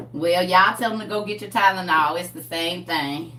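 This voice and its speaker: A woman's voice: fairly low pitch, pushed and bright, a little hiss or hum. A woman hosting a live group chat, talking casually in a playful, teasing way and laughing often. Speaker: host of a live reading group.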